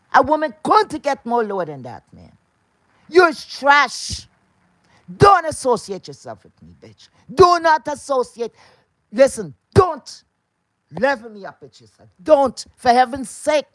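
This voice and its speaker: A woman with a lilt tears into someone in a heated, foul-mouthed vlog rant, scolding and confrontational throughout. Her voice sits a little high, and the recording is dry and close with almost no room sound. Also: no echo. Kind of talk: angry rant to camera.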